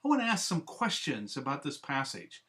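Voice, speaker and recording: A man's voice: fairly high pitch, wildly swooping pitch, moderate pace, sharp tone. A man giving an earnest, methodical instructional training talk as a discipleship trainer, laying out simple steps one by one.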